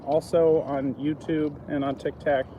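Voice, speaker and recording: A man's voice: on the high side, level tone, unhurried. A man as guest comedian on a walking livestream, joking loosely with lots of fillers. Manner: loose rambling jokes with fillers. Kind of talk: casual walking livestream chat. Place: outdoors on city streets. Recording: noisy outdoor street sound.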